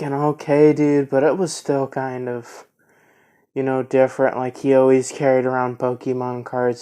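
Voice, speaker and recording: A man's voice: mid-range voice, a little mellow, smooth. A man in his twenties telling a story casually, rambling with lots of fillers and restarts. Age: 20s.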